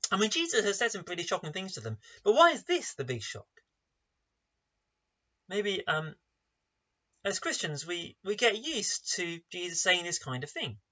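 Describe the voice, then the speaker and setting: A man preaches with a high, bright voice that rises and falls with emphasis. He drives his sermon with rhetorical questions. The recording sounds dull and lo-fi. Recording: dull lo-fi online service recording.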